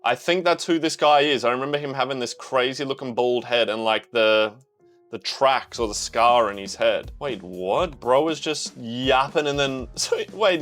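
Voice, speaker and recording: A young Australian man giving casual, slangy reaction commentary to a manga, talking excitedly to himself and the viewer. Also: medium pitch, normal speed, soft background music.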